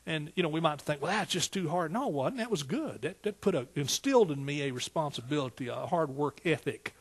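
A man with an East Texas accent preaching a sermon in a folksy, animated way, full of rhetorical questions. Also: a little high, a little fast, breathy edge. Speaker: pastor.

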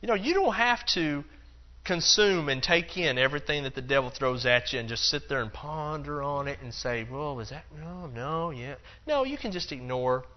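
A man's voice: on the high side, expressive, moderate pace, hardly any pauses. Conversational male preacher, lo-fi sound. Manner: conversational, acts out quotes, many fillers. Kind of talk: Bible teaching sermon.

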